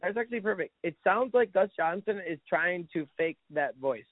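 A man's voice: high voice, expressive, normal speed, no room sound. A man co-hosting a sports podcast, ranting heatedly and swearing in casual chat. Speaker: podcast co-host. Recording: dry, phone-like sound.

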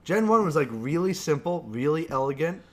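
A man's voice: fairly high pitch, animated, brisk, fairly bright tone. A man co-hosting a casual podcast, dry and contrarian in his teasing. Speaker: podcast co-host.

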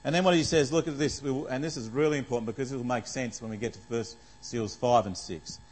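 A man's voice: medium pitch, fairly even intonation, quick pace, darkish tone, slightly rough, low-quality recording. Conversational man preaching. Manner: conversational, asks the congregation questions, many fillers. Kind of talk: sermon.

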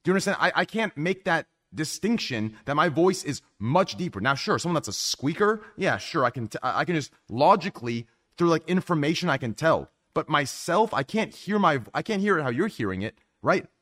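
Deep-voiced excitable young man. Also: fairly quick, few pauses. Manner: loud and excitable, swears freely. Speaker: podcast host. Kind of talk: casual chat.

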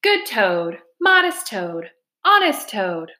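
A pompous chief weasel with a high, squeaky voice, puffed up and speechifying, as a woman reading aloud puts him on. He sounds smug and self-important. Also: lively intonation, normal speed, a bit bright. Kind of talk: storybook reading.

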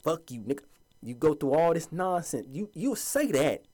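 A man delivers a fiery, preachy monologue straight to his viewers. His voice sits a little high and swoops up and down with lively emphasis. He now and then mocks the voices of other people. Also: moderate pace. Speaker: commentator addressing viewers. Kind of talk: impassioned monologue.

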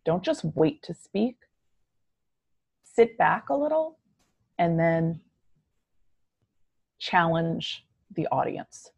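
Slow, gravelly-voiced woman guest. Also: fairly low pitch, very animated, darkish tone, dry recording. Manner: measured, reflective, slow delivery. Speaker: podcast guest. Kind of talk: conversational interview answers.

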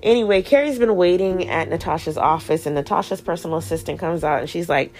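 Chatty woman recapping a show, kinda low and gravelly, swears a lot, acts out the lines. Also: quick pace, hardly any pauses, darkish tone, faint music behind. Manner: chatty, slangy, swears freely; retells scenes acting out characters' lines. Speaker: podcast host recapping a TV show. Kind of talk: casual chat recap.

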